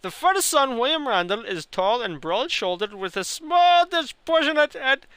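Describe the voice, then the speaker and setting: A man's voice: very animated, moderate pace, background noise. A man putting on a pompous mock-Indian newsreader. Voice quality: exaggerated, sing-song pitch. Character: man reading a newspaper notice aloud, pompous.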